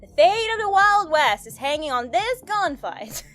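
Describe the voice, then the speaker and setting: A woman's voice: very high-pitched, very animated, a little slow, a bit bright, soft background music, full character voice. A woman voicing a cowboy vampire man, reading game lines in an exaggerated Western drawl. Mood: swaggering.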